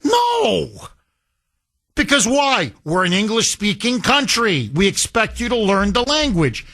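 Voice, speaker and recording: A man with a slight accent hosts a talk radio show, firing off combative, incredulous rhetorical questions. His voice sits high and swoops a lot as he argues. The tone is bright and forceful. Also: very animated, normal speed. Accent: slight foreign accent. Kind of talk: opinionated talk radio monologue.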